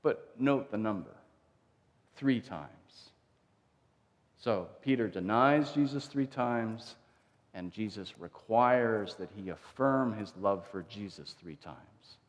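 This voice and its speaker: Slow and fairly low-pitched, this man delivers a sermon from a church sanctuary. As pastor, he relates the story in a chatty way and performs the quoted lines, all ringing with long church reverb.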